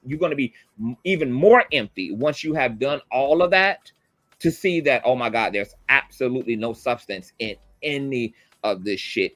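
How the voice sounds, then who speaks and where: A man's voice: medium pitch, fairly bright tone, no room sound. A man hosting a gossip commentary show, sassy and profane, who keeps calling his listeners "girl". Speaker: commentary host.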